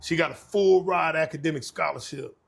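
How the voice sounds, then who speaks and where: A middle-aged Texan man with a gravelly, slightly high voice tells stories as an interview guest. He talks in an easygoing, laid-back way and keeps dropping "man" into his sentences. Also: brisk. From Texas. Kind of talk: casual interview storytelling.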